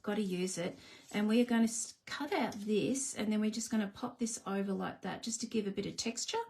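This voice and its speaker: On a live card-making stream, a woman chats casually with her viewers as she works, laughing at herself along the way. Her voice sits in the mid-range and moves fairly quickly, with a creaky, slightly mellow quality.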